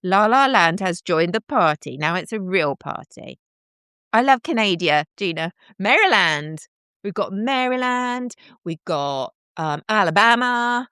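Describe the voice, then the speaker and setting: A woman's voice: mid-range voice, expressive, a little slow, fairly bright tone, clean tone, no echo, clean studio sound. A middle-aged woman, chatting in a bubbly, self-deprecating way to commenters on her live stream. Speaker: livestream host.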